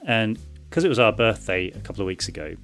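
A man co-hosts a podcast in relaxed, jokey chat. His voice swings up and down in lively intonation as he reads out messages. Faint music sits quietly behind him. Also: on the low side, quick pace. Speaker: podcast co-host. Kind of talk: casual chat.

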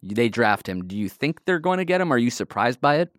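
A man's voice: medium pitch, sing-song, fairly quick, dry recording. A man hosting a casual podcast in a studio, teasing and quizzing his guest and laughing often. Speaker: podcast host.

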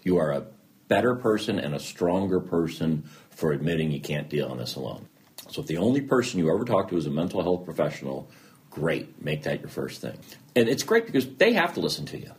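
A man's voice: a bass voice, very animated, a little fast. A man in his thirties or forties, a guest telling a candid, earnest story about his own life, self-deprecating and acting out the dialogue he recalls. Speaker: interview guest. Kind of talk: candid personal story in an interview.

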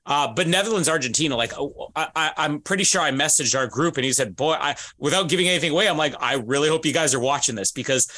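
A male podcast co-host talking casually and rambling, with frequent restarts and fillers. His voice is bright and sits a little high. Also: quick pace, hardly any pauses. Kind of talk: casual chat.

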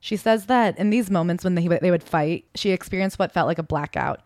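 A woman co-hosting a podcast, chatting casually about a memoir and reading passages from it aloud in a soft, subdued tone. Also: lowish voice, fairly quick, dry recording, clean studio sound. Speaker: podcast co-host.

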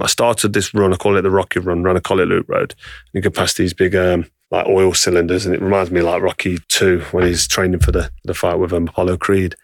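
Fast-talking blunt man. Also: deep voice, no room sound, clean studio sound. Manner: blunt, candid, swears freely. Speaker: podcast guest, retired boxer. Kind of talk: casual interview storytelling.

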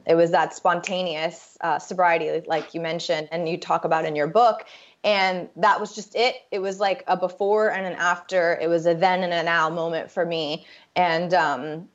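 A woman telling her personal story as an interview guest, candid and halting, with fillers and restarts. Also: fairly low pitch, little pitch movement. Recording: dull lo-fi sound.

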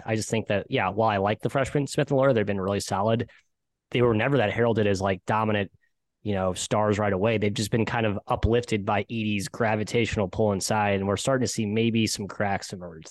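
A man with a fairly low voice co-hosts a casual sports betting chat, reeling off numbers in a measured way with plenty of "uh" and "I mean." The sound is dry and close, with no room around it. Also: dry recording. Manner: measured, stat-heavy, with frequent fillers. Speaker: podcast co-host and betting analyst.

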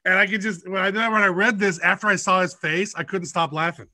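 A man's voice: high voice, steady tone, brisk, pushed and bright, dry recording. A man co-hosting a podcast, chatting in a brash, crude, joking way. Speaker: podcast co-host. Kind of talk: casual chat.

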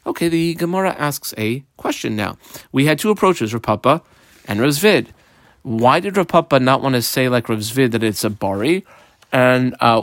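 A man giving a Talmud class, reading out Aramaic phrases and explaining each one in plain, casual English. His voice sits in a middle pitch. The recording is dry and close. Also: fairly bright tone, no echo. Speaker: Talmud teacher. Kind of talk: Talmud lesson.

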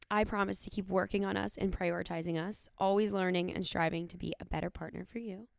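Gravelly-voiced woman reading vows. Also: mid-range voice, no echo, studio quality. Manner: tender, sincere, teasing. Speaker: podcast co-host. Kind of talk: reading wedding vows aloud.

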